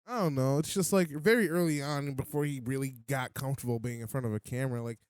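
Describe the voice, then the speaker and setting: A man's voice: mid-range voice, fast talker, clear, resonant tone, no room sound, studio quality. A man co-hosting a podcast in casual chat, playful and jokey. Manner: playful, jokey, lots of laughs. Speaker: podcast co-host.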